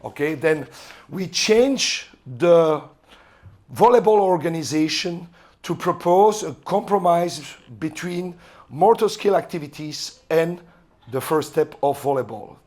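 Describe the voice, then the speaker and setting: A middle-aged French-accented man lectures a room of coaches in English, his voice sitting notably high for a man. He talks in halting bursts, often stalling on fillers while he hunts for the right word. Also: animated, darkish tone. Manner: halting, searches for words, frequent fillers. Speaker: volleyball coach giving a seminar talk.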